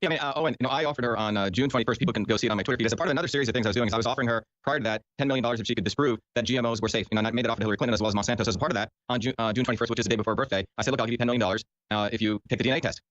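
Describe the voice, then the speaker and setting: A man's voice: mid-range voice, racing, fairly bright tone, no room sound. Assertive male guest on a dull line. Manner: assertive, hedging fillers. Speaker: political candidate guest. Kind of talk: interview answer.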